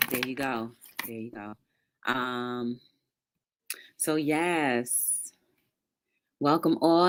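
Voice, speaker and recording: A woman with a bass voice hosts a casual livestream talk show, speaking very slowly and pausing often. She greets viewers by name with bright excitement and talks reflectively in between.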